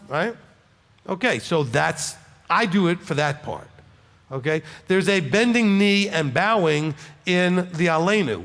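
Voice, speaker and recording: A man's voice: fairly high pitch, gravelly, fairly bright tone, big-room sound. A man with a Southern US accent, a rabbi from Alabama answering congregants' questions conversationally and often adding "okay?" for emphasis. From Alabama, USA. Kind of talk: congregational Q&A teaching. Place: congregation hall.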